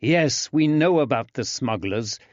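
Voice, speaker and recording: Man voicing a firm detective, clipped, lively pitch, audiobook, dull dry sound. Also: a little slow, no room sound, natural voice. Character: firm, brisk male detective. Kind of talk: audiobook character voice.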